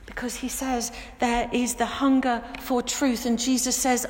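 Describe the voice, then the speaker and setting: A woman pastor preaching a sermon in a church, earnest and emphatic, slowing down to stress key words. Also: a little high. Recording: echoey church with long reverb.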